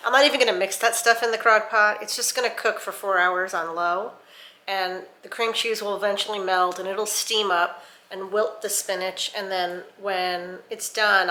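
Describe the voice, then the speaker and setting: A woman's voice: mid-range voice, pushed and bright, low-quality recording. A woman hosting a casual home cooking vlog, chatting through each step as she goes. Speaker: cooking channel host. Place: home kitchen.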